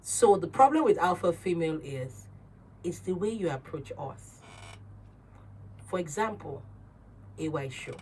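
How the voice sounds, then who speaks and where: A Nigerian woman talk-radio host with a slightly low voice. She speaks assertively and animatedly, slipping into other voices for quoted lines, over a faint background noise. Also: lively intonation, measured pace, pauses often, a little mellow, distant mic. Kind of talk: casual radio chat.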